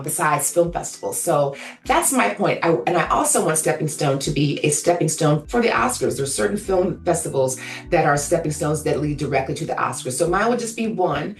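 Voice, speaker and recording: A woman's voice: fairly low pitch, reverberant, distant mic. A woman speaking as a guest actress in an interview, emphatic and outspoken, sometimes acting out voices. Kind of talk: animated interview talk.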